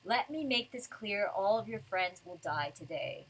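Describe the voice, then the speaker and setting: A woman reading the lines of a cold, formal female enemy soldier from a manga in a flat, measured tone. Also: medium pitch, husky, poor audio. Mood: cold resolve.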